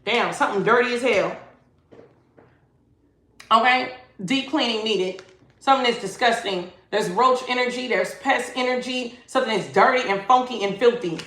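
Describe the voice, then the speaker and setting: A woman's voice: fairly high pitch, moderate pace, fairly bright tone. A woman giving a livestreamed tarot reading. She is emphatic and slangy and repeats her phrases. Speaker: tarot reader. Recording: echoey room, faint noise.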